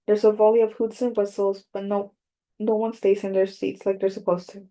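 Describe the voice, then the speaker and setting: A woman giving a measured, even first-person audiobook narration. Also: mid-range voice.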